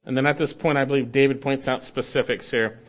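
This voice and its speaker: A man preaching a sermon, explaining scripture verse by verse and swinging between emphatic rises and quiet low endings. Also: steady tone, brisk. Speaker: pastor.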